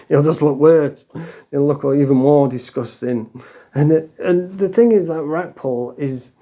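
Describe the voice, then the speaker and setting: A man's voice: on the high side, takes it slowly, warm tone. A man ranting in a crude, mocking vlog, laughing at his own jokes. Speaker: online commentator.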